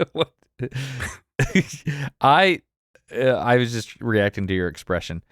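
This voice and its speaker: A man's voice: medium pitch, big pitch swings, slow, a bit bright, clear, resonant tone, no room sound, studio quality. A man with an Alabama accent, a podcast guest in casual conversation, candid and self-deprecating, laughing often.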